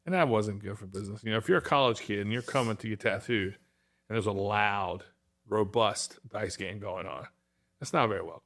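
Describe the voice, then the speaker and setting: Male host, laid-back and profane, spins anecdotes in a relaxed chat. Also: on the low side, fairly quick. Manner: profane storyteller, acts out quotes. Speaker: podcast host. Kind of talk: casual chat.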